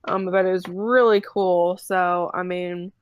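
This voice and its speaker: A woman's voice: on the low side, fairly even intonation, measured pace, dry recording, lo-fi sound. A woman from Kentucky with a Southern US accent, chatting casually and easily as a stream guest. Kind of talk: casual chat.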